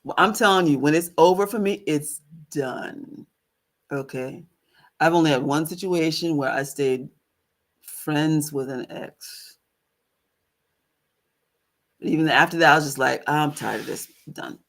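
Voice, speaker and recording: A woman's voice: low voice, a little slow, pauses often. A woman spiritual teacher telling a story casually to her online audience, laughing often and stressing points with "okay?" asides.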